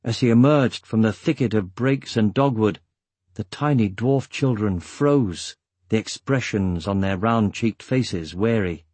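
A man reading an audiobook as narrator, measured and steady, with a husky voice. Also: on the low side, no echo. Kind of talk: scripted narration.

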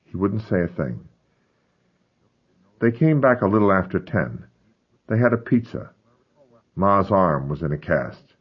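A man's voice: low voice, very animated, a little slow, long pauses, breathy edge. A man narrating a first-person memoir with grave, intense storytelling, on a dull lo-fi recording. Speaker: audiobook narrator.

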